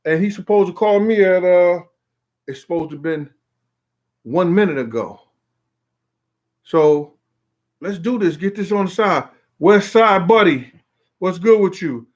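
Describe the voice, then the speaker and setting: A man's voice: sits high, lively intonation, unhurried, pauses often. A man hosting a casual call-in talk show, rambling in a streetwise way and often asking "you know what I'm saying". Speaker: show host. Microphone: phone call on air.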